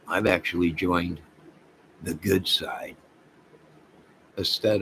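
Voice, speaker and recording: Low-voiced rambling man on a livestream. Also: unhurried, fairly bright tone, slight background noise, poor audio. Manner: rambling, talks straight to viewers. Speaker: livestream host. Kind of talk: casual livestream chat with viewers.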